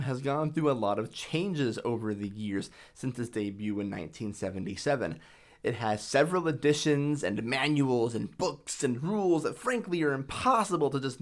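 A man narrating a scripted video essay in a casual, profane, enthusiastic way. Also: a little high.

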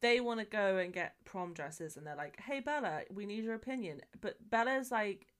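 A woman's voice: mid-range voice, moderate pace. A woman co-hosting a podcast, casually retelling a film plot with swearing and frequent laughter. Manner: animated storytelling, swears, laughs often. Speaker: podcast co-host. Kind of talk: casual chat.

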